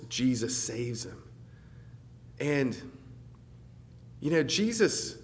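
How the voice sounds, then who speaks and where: A man preaches with a dynamic delivery, rising to loud, emphatic peaks and then dropping to a soft, reflective murmur. His voice sits at an average pitch, and a long reverb trails each phrase as if he is speaking in a large hall. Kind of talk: sermon.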